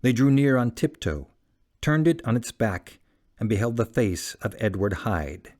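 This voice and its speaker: A man narrating a classic novel as an audiobook in a measured, dramatic reading. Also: mid-range voice, big pitch swings, darkish tone.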